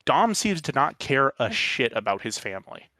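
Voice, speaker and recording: A man's voice: medium pitch, sing-song, moderate pace, sharp tone, dry recording, clean studio sound. A man co-hosting a casual movie podcast, complaining in a rambling, incredulous way. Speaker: podcast co-host.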